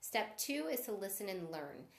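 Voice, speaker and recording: A woman's voice: mid-range voice, sing-song, moderate pace, gravelly, roomy sound. A woman sales coach giving a live-stream training, upbeat and encouraging, stopping to greet viewers as she teaches.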